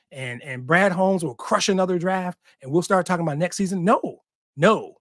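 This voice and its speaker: A man's voice: high-pitched, animated, fairly quick, dry recording, clean studio sound. A man hosting a sports podcast, talking emphatically and repeating short punchy lines, with an occasional curse. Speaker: podcast host. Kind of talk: passionate sports talk.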